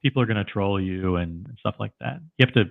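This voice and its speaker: Panelist: low-pitched teasing man, stumbles, thin phone-like call sound. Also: fast talker, vocal fry. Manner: teasing, stumbling restarts, laughs. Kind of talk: casual livestream chat. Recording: tinny phone-like remote call.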